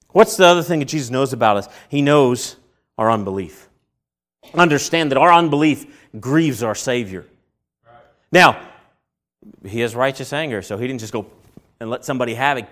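A man preaching a sermon, asking rhetorical questions and answering them himself, and breaking into animated acted-out voices. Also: normal speed, long pauses. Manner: acts out quoted voices with big jumps in pitch and loudness.

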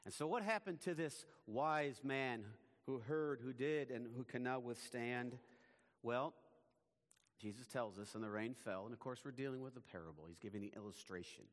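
A man preaching a sermon as pastor, in a measured, emphatic way, his phrases often falling away at the ends. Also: medium pitch, big-room sound.

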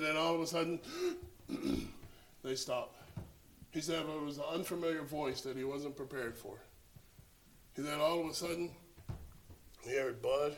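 A man preaching a sermon, telling a story and swinging from hushed, slow lines to loud exclamations. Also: a little high, echoey room, a little hiss or hum, rough recording.

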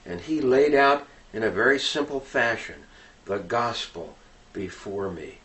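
A man teaching how to preach in a deliberate, earnest manner, pausing often with fillers as he explains. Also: medium pitch, fairly bright tone. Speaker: preaching instructor. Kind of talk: instructional talk on preaching. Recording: voice distant from the microphone.

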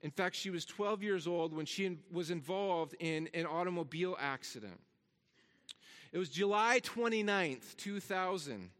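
A man preaches from the pulpit with a high, bright, forceful voice that climbs when he presses a point. He repeats his words as he builds. The sound carries a long reverb from a large church hall. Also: expressive, moderate pace. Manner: earnest, repeats words, rises in pitch for emphasis. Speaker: pastor. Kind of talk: sermon.

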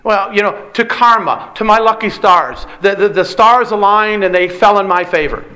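A man's voice: high-pitched, moderate pace, sharp tone, low-quality recording. A man preaching a sermon, emphatic, repeating key words and putting rhetorical questions to the congregation. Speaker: pastor.

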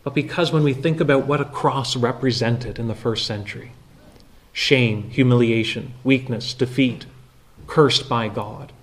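A pastor preaching an expository sermon, measured and emphatic, pausing often with filler sounds as he explains each detail. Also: mid-range voice.

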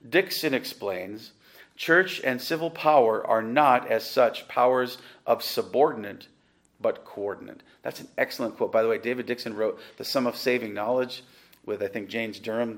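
This is a middle-aged man teaching a class as a pastor, his voice sitting at an ordinary middle pitch. He lectures with strong emphasis. He often breaks off into loose, rambling asides and then returns to the material.

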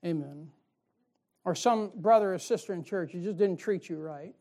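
A man's voice: high voice, normal speed, creaky, mellow. A male pastor preaching a sermon in a folksy way, firing rhetorical questions at his congregation.

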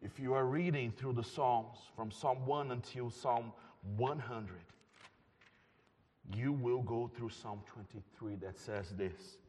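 A man preaching a sermon, moving between loud declarations and hushed, near-whispered passages. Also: medium pitch, slow. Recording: long hall reverb.

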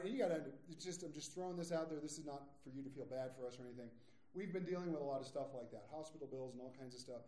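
A man in his forties preaching a sermon as pastor, telling a personal story in a conversational way with quick acted quotes. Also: fairly high pitch, dark tone, echoey room. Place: church sanctuary.

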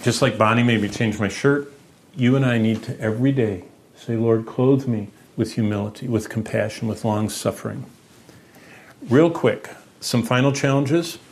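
A man preaching a sermon as pastor, in an earnest teaching manner, with lively swings in pitch and loudness. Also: normal speed, slight background noise.

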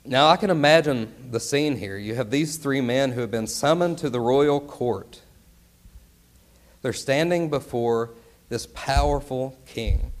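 A man's voice: mid-range voice, measured pace. A man preaching a sermon in an earnest, emphatic way, often turning to his listeners with rhetorical questions.

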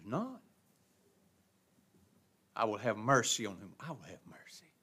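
A man's voice: lowish voice, sing-song, measured pace, pushed and bright, breathy edge. Folksy man teaching the Bible. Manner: folksy, emphatic preaching with laughs and repetitions. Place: church classroom.

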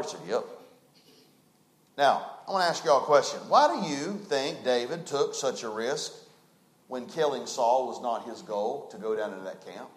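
A man preaching a sermon, folksy and emphatic, swinging from loud to hushed. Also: medium pitch, lively intonation, normal speed, roomy sound.

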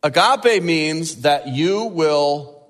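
A male pastor preaching a sermon in an animated way, stretching out key words for emphasis. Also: a little high, extremely slow, long reverb tail.

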